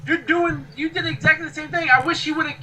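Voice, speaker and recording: A woman co-hosting a casual wrestling podcast, firing off quick rhetorical questions. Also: sits high, steady tone, pushed and bright, low-quality recording. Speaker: podcast co-host.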